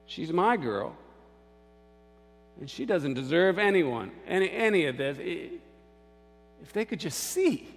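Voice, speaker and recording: A man's voice: fairly high pitch, very animated, measured pace, vocal fry, pauses often, exaggerated voice. A preacher voicing a distraught mother who is angry and heartbroken. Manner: distraught, impassioned. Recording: long church reverb.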